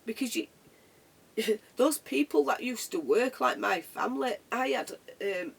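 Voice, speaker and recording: Vlogger talking from the heart, raspy husky voice, repeats stuff, sounds a bit far off the mic. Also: medium pitch, lively intonation, unhurried. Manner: earnest, reflective, repeats phrases. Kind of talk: heartfelt motivational monologue.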